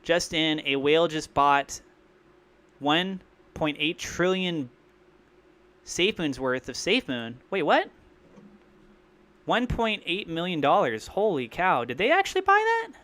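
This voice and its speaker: A man hosting a crypto livestream, rambling and thinking out loud in an excitable way. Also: high voice, measured pace, long pauses. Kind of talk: live-streamed crypto commentary.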